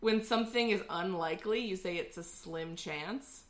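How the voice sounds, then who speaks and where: A woman with a lowish voice at normal speed co-hosts a podcast. In casual chat, she shares trivia about where phrases come from, using lots of fillers.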